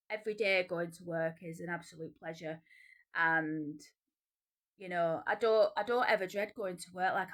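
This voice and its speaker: A woman in her forties with a Northern English accent, chatting casually to camera in a rambling, animated way. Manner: chatty, rambling, many restarts and repeats; animated, pitch jumping up when excited. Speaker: vlogger.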